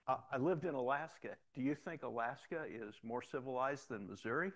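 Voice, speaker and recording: A man who is both a pastor and a police officer, telling his stories in an animated way, acting out the dialogue and often repeating words as he starts a sentence. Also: mid-range voice, fairly quick, hardly any pauses. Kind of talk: storytelling testimony.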